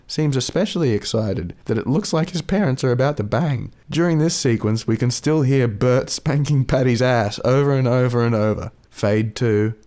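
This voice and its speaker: An Australian man reads out a comedy screenplay as narrator, with a dry, deadpan delivery. His voice sits at an ordinary mid pitch. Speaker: podcast host and script reader.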